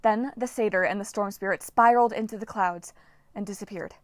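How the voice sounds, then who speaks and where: A woman's voice: medium pitch, a little fast, dry recording. Woman reading an audiobook, dry close sound. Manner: lively, dramatic reading. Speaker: audiobook narrator. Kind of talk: scripted narration.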